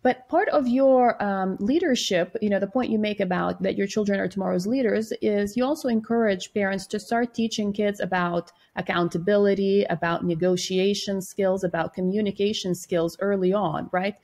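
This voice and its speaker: A woman hosting an interview, asking measured questions that paraphrase her guest's points. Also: mid-range voice, a little mellow. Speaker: podcast host.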